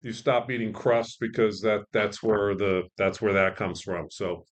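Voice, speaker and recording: Low-voiced joking middle-aged man. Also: steady tone, a little slow. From born in England, raised partly in Israel, then the US. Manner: self-deprecating, joking, rambling with restarts. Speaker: guest, sports media veteran and professor. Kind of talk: casual podcast interview.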